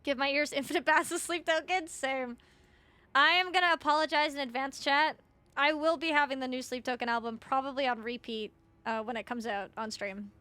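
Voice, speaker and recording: A young woman streaming a game, chatting casually and excitedly with her viewers, laughing and swearing freely. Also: high-pitched, brisk, no room sound. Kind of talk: casual live-stream chat.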